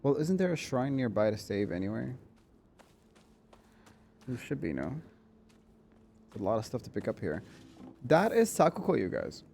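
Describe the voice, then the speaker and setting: Chatty, excitable male game streamer. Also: mid-range voice, normal speed, gravelly, long pauses, slight background noise. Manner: chatty and excitable, swears and laughs often. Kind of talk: casual gameplay commentary.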